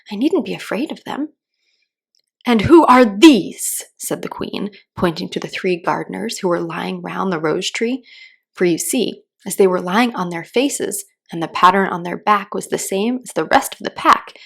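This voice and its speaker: Gentle, gravelly woman reading a bedtime story. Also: mid-range voice. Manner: slow, gentle, soothing delivery. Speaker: children's story reader. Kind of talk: calm read-aloud storytelling.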